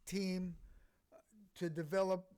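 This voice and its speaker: A man with a notably high voice, trading takes on a bad movie in casual chat. He answers with dry, sardonic jokes and talks over his co-host. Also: level tone, slow pace, darkish tone, smooth. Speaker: podcast movie reviewer.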